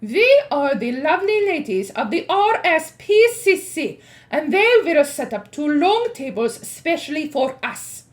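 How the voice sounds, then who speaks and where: A shrill, commanding witch queen bellows orders across a storybook world, as a woman acts her out. Her voice sits very high and leaps wildly up and down, always scolding and ruthless. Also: big pitch swings, measured pace. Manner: barking orders, shouting. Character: shrieking, domineering female witch leader.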